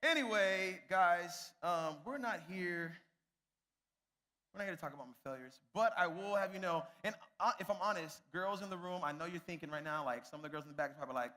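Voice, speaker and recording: A man's voice: high-pitched, brisk, sharp tone. A young man, a youth pastor, telling a self-mocking story to a youth group and addressing them directly.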